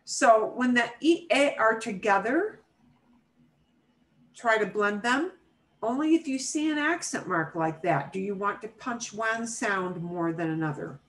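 A woman teaching a Spanish class over a video call, who models pronunciation by repeating words slowly and checks in often with her students. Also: on the high side, animated, rough recording. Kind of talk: online class instruction.

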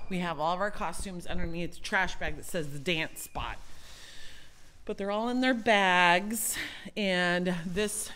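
A woman's voice: on the low side, measured pace, a bit bright. A woman who owns a dance studio, chatting casually and upbeat to her viewers in the studio lobby. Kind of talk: casual vlog narration.

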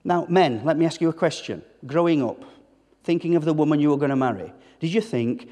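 A man's voice: a little high, fairly quick, mellow. A man preaching a sermon as a pastor, emphatic, throwing rhetorical questions to the congregation and repeating words as he builds a point. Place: church hall. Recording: long church-hall reverb.

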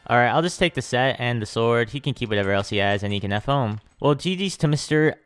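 A young man hosting a gaming channel, giving excitable live commentary on his own play and hyping every win with slang. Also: medium pitch, quick pace, clear, resonant tone, soft background music.

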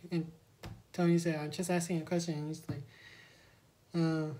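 A woman's voice: low-pitched, level tone, normal speed, dark tone. A woman giving a rambling, scene-by-scene spoiler review of a film, acting out quoted lines as she recaps. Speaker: movie reviewer.

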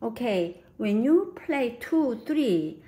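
A woman's voice: a little high, sing-song, slow, mellow. A woman giving a piano lesson, counting beats and singing rhythms aloud as she teaches. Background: piano playing.

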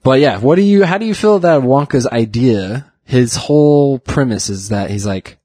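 Husky-voiced man chatting on a podcast. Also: medium pitch, expressive, moderate pace, hardly any pauses, mellow, no echo, clean studio sound. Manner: laughs often, chatty. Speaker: podcast co-host. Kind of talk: casual chat.

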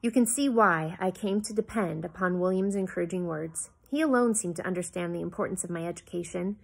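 A woman's voice: on the low side, vocal fry, husky. A woman reading a novel aloud at home, stopping now and then to explain the story to her listeners. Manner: pauses to explain the story to listeners, corrects slips.

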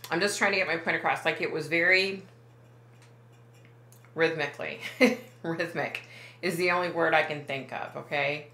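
A woman's voice: deep voice, fairly even intonation, moderate pace, pauses often, bright, forceful tone, roomy sound. A woman working as a psychic medium, talking to camera in a casual, rambling way, often backing up and correcting herself. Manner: rambling, self-correcting, many fillers.

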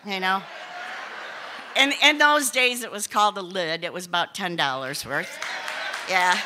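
A woman telling a personal story to a live audience, animated, often laughing and exclaiming. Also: medium pitch, measured pace, a crowd in the background, background noise.

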